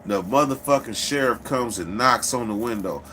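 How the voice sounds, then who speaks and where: A man's voice: medium pitch, moderate pace, a little hiss or hum. A man casually telling a story, swearing freely and acting out the people in it. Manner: profane, animated, acts out quoted people.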